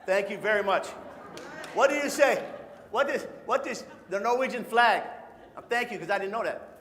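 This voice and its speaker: A man's voice: high voice, moderate pace, fairly bright tone. Playful man leading a call-and-response nature talk. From Michigan. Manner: playful, call-and-response, sings short songs. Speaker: nature educator. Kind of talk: live audience presentation for families. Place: large hall with an audience. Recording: echoey hall.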